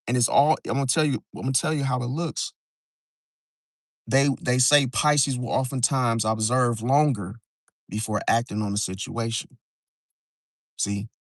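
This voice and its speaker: A man's voice: mid-range voice, no echo. A man hosting an astrology live stream, talking loosely and repeating "see?" and "bro", outdoors near parked cars, at times whispering. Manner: loose, repetitive, drops "see?" and "bro" often. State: sometimes whispering. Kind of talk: casual live-stream talk. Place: outdoors near a parking area.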